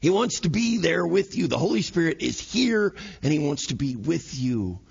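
A man's voice: a little high, sing-song, normal speed, gravelly, husky, lo-fi sound. A man in his thirties preaching a sermon in a church, acting out everyday scenes in quoted voices. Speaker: pastor. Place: church sanctuary.

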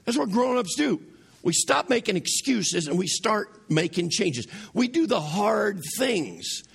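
A pastor addresses his congregation in the sanctuary with a chatty sermon, asking them questions as he goes. His voice is high, husky, and gravelly with a slightly bright edge, his pitch swinging widely while his pace stays measured.

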